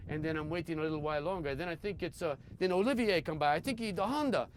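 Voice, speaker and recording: A man's voice: fairly high pitch, fast, a little hiss or hum, voice pushed up, lightly acted. A man voicing a short, cocky male desert motorcycle racer who talks in boastful broken English and swears. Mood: defiant.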